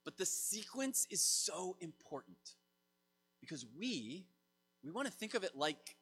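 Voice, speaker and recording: Guy preaching in a church hall, high and lively, bright voice, long echo tail. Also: measured pace, breathy edge. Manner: animated, acts out quoted voices. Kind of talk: sermon.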